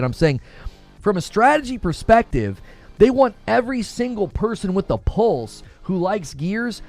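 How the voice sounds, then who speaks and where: A man hosting a casual gaming news live stream, talking straight to his chat in an animated way. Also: sits high.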